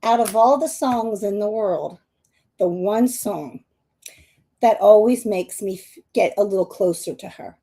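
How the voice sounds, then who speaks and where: Her medium-pitched voice is warm and keeps a measured pace. She's a psychic medium on a live stream, tearfully recounting a long personal story with many restarts, rambling and addressing asides to viewers.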